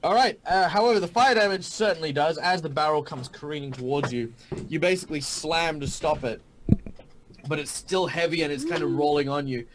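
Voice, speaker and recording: Male game master, slightly high voice, halting narration. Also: noisy background. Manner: halting, many fillers and restarts.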